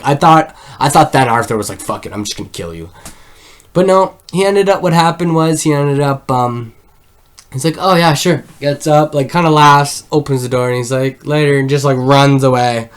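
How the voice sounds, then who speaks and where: A man retells a film scene by scene in loose, casual chat. He rambles, swears freely and fills his sentences with "like", in an ordinary mid-pitched voice. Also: normal speed. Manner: rambling, swears a lot, heavy use of "like". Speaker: film reviewer.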